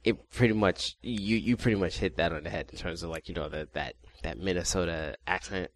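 A man's voice: deep voice, fairly quick. A man co-hosting a podcast, chiming in with short, casual remarks. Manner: brief reactions and short remarks. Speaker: podcast co-host. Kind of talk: casual chat.

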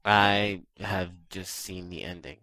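A man's voice: deep voice, flat delivery, slow pace, sharp tone, no room sound, rough recording. A man co-hosting a casual gaming podcast, putting in brief, laid-back remarks. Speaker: podcast co-host.

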